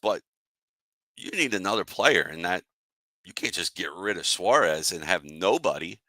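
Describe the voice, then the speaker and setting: Male sports-show host, lowish voice, casual irritated rant, answers live chat. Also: animated, moderate pace, bright, forceful tone, dry recording. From Philadelphia area. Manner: annoyed, fired-up, talks to chat viewers.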